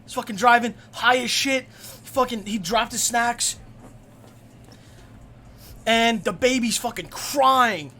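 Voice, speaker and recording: Brief: young male streamer, excitable and foul-mouthed, rambling storyteller on a desk mic. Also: extremely high pitch, slow, pauses often. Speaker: live streamer. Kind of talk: casual live-stream storytelling.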